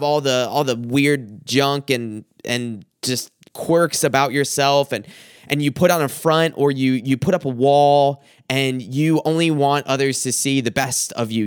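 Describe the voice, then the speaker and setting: A young man hosting a podcast, giving a reflective faith talk in an earnest, halting way, often repeating words as he tells a personal story. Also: mid-range voice, clean tone, dry recording, studio quality. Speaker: podcast host.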